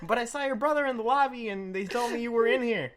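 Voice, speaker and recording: A man voicing a drunk, giddy young friend in a high, goofy, drawn-out voice while retelling a night out. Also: fairly bright tone.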